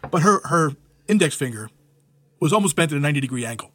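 A man on a podcast, chatting casually and telling profane, animated stories. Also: on the high side, fast talker, slight background noise. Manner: animated storyteller, swears freely, acts out quoted voices. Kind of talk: casual chat.

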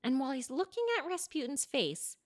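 A woman casually telling a history story to a co-host, animated and laughing often. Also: sits high. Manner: animated, laughing, acting out characters in quick asides.

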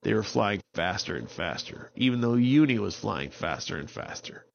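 A man telling a children's story in a relaxed, unhurried way, with small restarts. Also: lowish voice, vocal fry, dull audio. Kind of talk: improvised bedtime storytelling.

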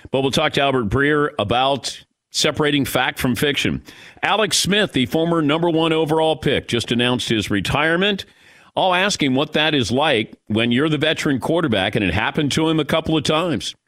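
Animated middle-aged male radio host. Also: a little high, normal speed, no room sound. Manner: animated storytelling, self-mocking, emotional. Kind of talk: casual radio monologue.

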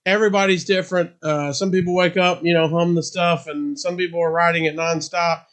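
A man's voice: a little high, steady tone, a little fast, fairly bright tone. A male interview host asking eager, chummy, curious questions in a casual chat.

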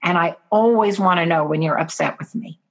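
A woman's voice: on the low side, brisk. A woman guest in an interview, earnestly explaining parenting steps and acting out what parents and children say.

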